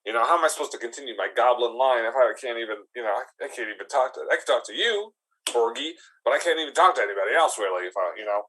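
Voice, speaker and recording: A man voicing a lonely, introverted male goblin looking for a date, talking in an anxious, rushed and pleading way. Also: medium pitch, lively intonation, bright, forceful tone, poor audio.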